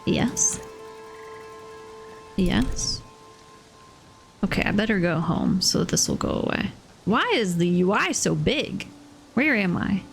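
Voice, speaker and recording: A woman's voice: mid-range voice, big pitch swings, slow pace, gravelly, pauses often, soft background music. A woman streamer chatting casually and offhandedly while playing a cozy game. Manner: chatty, giggly, swears offhandedly. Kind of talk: casual gameplay commentary.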